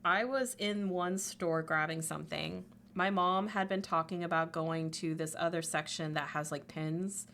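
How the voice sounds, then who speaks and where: A woman's voice: measured pace, few pauses, fairly bright tone, slight background noise. A woman livestreamer in casual chat, talkative, laughing often and swearing freely. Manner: chatty, swears, laughs often, quotes memes in a squeaky voice.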